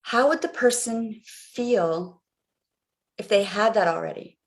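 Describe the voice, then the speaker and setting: A woman's voice: mid-range voice, slow. A middle-aged woman coaching viewers on a live stream, guiding them through a visualization in an earnest, repetitive way. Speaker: life coach.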